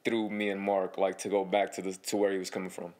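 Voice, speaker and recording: Man telling animated, profane stories. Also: low-pitched, fast. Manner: profane, animated storyteller who acts out other people. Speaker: podcast guest. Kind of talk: casual chat.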